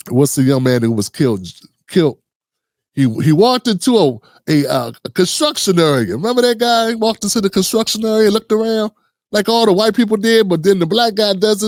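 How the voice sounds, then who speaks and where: High-voiced man giving earnest commentary. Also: dry recording, studio quality. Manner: earnest, restless, full of restarts and rhetorical questions. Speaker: commentary channel host. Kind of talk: casual spoken commentary.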